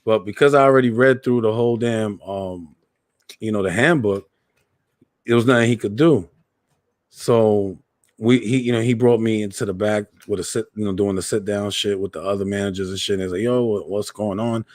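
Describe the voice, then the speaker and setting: A man with a fairly low voice tells a story in loose casual chat, relaxed and swearing freely. The sound is dry and close, with little room echo. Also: fairly quick. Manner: laid-back, profane, laughs at own story.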